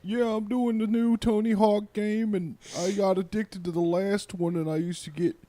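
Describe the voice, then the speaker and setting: A man's voice: high-pitched, flat delivery, mellow, dry recording, pitched above the performer's own voice, close to an everyday voice. A man putting on an impression of a famous male skater, drawn out and rambling. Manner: slow, drawn-out storytelling.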